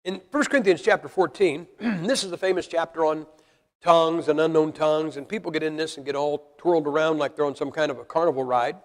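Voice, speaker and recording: A man's voice: a little high, fairly quick. A man preaching a sermon to a congregation in a blunt, folksy way, firing rhetorical questions at them. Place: church hall with congregation. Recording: long reverb of a large hall.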